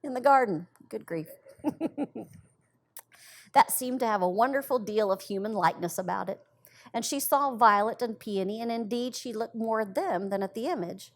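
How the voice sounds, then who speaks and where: A woman who works as a library storyteller, reading a story aloud to adults in an expressive, gentle storybook voice. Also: fairly high pitch, brisk.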